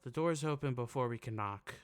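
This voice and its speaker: A man's voice: mid-range voice, a little fast, clear, resonant tone, no echo, clean studio sound. A man co-hosting a game let's play, reading narration and joking in a wry, playful way. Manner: wry, playful, reads narration in first person.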